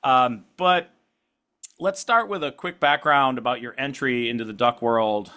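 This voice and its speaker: A man hosting a podcast interview in casual chat, upbeat, laughing often and talking in quick bursts. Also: medium pitch, sharp tone. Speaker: podcast host.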